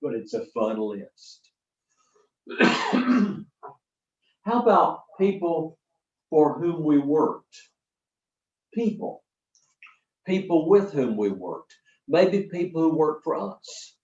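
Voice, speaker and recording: Older man, storytelling teacher, folksy, dramatic pauses, distant mic, echoey room. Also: a little high, very animated. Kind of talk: storytelling lesson to a live audience. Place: workshop hall. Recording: roomy, distant, dull sound from the back of a hall.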